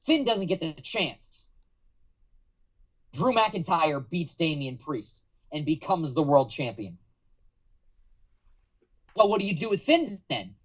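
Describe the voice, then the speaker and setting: A man's voice: high voice, slightly rough. A man on a podcast, telling a long story with drama and acting out the lines of others, with some swearing. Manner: dramatic, acts out quotes, profane. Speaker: podcast guest. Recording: dull lo-fi podcast audio.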